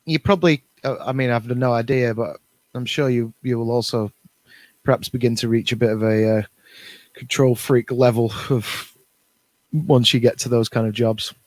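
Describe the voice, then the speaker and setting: A man's voice: medium pitch, steady tone, normal speed, dry recording. A man co-hosting a casual podcast chat, reading out viewer comments in a jokey, self-mocking way.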